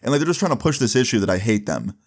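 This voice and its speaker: A young man casually telling a story, with a relaxed, loose delivery full of fillers and some swearing. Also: mid-range voice, racing. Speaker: storyteller vlogger.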